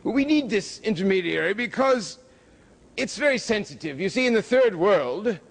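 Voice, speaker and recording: A man giving a public lecture with slides, emphatic, with pitch rising on key words. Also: expressive, normal speed, gravelly. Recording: hall reverb from a lecture room.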